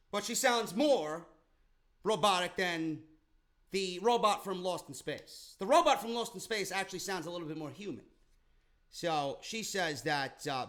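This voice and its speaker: A man's voice: high-pitched, a bit bright. A man recapping a wrestling show in a casual, sarcastic rant full of swearing. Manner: profane, sarcastic, rambling.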